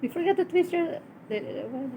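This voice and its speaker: A woman calls out exercise after exercise from behind the camera, her voice sitting high and bright with encouragement. She keeps repeating her praise and laughs often as she coaches. A faint hum of background noise runs under her casual home video. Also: lively intonation, brisk. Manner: cheering, repetitive, laughs often.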